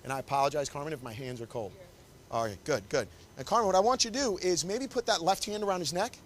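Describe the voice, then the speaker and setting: Male photographer-instructor, high-pitched, encouraging, keeps directing poses on a body mic. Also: quick pace, a little hiss or hum. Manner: upbeat, coaxing, directs the couple constantly. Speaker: wedding photographer teaching. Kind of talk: live posing demonstration. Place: confined indoor shooting space.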